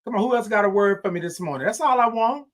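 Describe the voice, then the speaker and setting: Hosting a morning livestream, a man chats casually with viewers in a high, fast voice. He reads their comments and calls back to them upbeat, repeating things a lot and laughing often.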